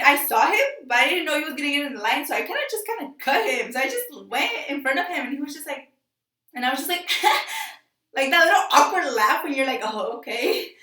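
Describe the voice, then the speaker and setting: Excitable high bright young woman. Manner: excitable, slangy, rambling with many fillers. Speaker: vlogger. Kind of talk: casual storytime vlog. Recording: echoey room, distant mic.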